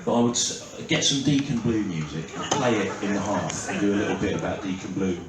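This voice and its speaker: Sardonic comic in an echoey theatre. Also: male voice, lowish voice, a little fast. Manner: sardonic, self-mocking, peppered with "right?" asides. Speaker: stand-up comedian. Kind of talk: stand-up routine. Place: large theatre stage. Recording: echoey theatre from far off, loud noise. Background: audience laughter.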